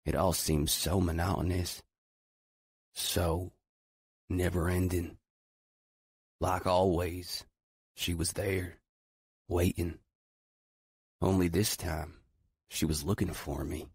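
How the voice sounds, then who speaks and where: Deep, slow, husky male narrator. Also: flat delivery, a little mellow, no echo. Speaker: audiobook narrator. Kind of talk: scripted first-person narration.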